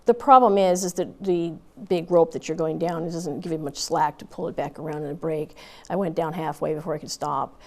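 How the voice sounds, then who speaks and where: A woman's voice: low voice, fairly even intonation, a little fast. A woman in her fifties, a Marine Corps veteran, telling her story candidly in an interview with plenty of fillers and restarts.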